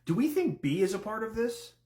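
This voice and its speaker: A man giving casual commentary, firing off questions and swearing freely. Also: high-pitched. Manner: rapid-fire questions, profane, excitable. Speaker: content creator.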